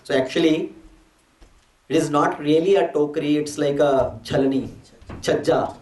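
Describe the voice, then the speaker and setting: Casting: male storyteller, fairly high voice, echoey distant hall. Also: steady tone, measured pace, darkish tone, slight background noise. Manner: explanatory, mixes Hindi words. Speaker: scripture storyteller. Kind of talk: devotional storytelling sermon.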